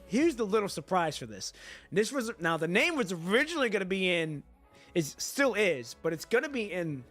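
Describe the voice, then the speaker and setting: A man chatting casually to his viewers, rambling and thinking out loud with the odd swear. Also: high-pitched. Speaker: streamer.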